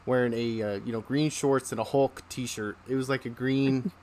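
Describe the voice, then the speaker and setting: Laughing man telling an animated story. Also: medium pitch, normal speed, slight background noise. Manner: laughs often while telling stories; acts out the people in his stories. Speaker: podcast host. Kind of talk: casual storytelling.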